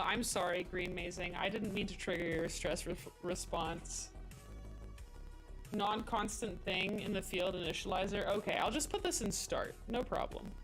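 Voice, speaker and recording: A woman's voice: medium pitch, a bit bright. A woman live-streaming as she codes, chatting casually and thinking aloud in a rambling way with many fillers. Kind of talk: casual live-stream chat while coding.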